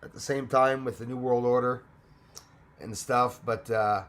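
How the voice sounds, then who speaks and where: A man's voice: mid-range voice, steady tone, a little slow, fairly bright tone. A middle-aged man from Canada hosting a casual live stream, greeting viewers by name and sometimes switching into French.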